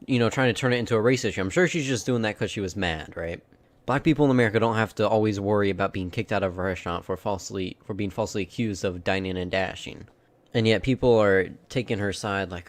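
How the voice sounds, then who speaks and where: A man's voice: on the low side, fairly quick. A man hosting a casual video commentary, talking through clips in an opinionated way and mimicking the people he quotes. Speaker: commentary host.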